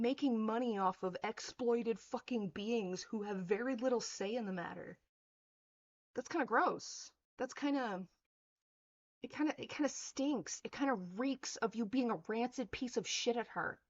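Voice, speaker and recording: A furious vlogger rants to camera with profanity, mocking quotes in a sneering voice. Her voice is a little high, and the recording is muffled.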